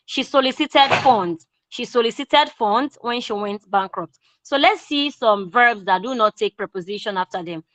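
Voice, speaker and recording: A woman with a Nigerian English accent teaching an online grammar lesson, repeating key phrases slowly for emphasis. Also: on the high side, a bit bright, no echo, low-quality recording.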